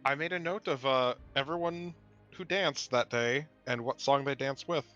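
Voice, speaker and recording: A man's voice: medium pitch, moderate pace, sharp tone, lo-fi sound, soft background music. A man playing a tabletop game, chatting casually and teasing the game master with dry banter. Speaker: player.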